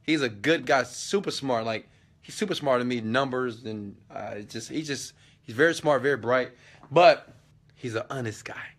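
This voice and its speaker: Man, business coach type, casual hype-driven live-stream talk, phone held at arm's length, medium pitch. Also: moderate pace, a bit bright. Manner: loose and chatty, hype-driven. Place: hotel suite indoors.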